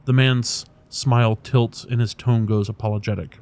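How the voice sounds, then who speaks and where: A man's voice: medium pitch, fairly even intonation, moderate pace, few pauses, a little mellow, clean tone. A man narrating a video game, reading its text aloud with casual remarks and tripping over unfamiliar names. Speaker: let's play commentator.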